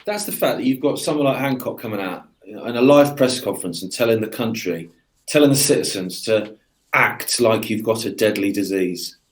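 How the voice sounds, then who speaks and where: A man's voice: fairly low pitch, normal speed. A man in a casual interview chat, speaking in a wry, sarcastic way and acting out mock quotes.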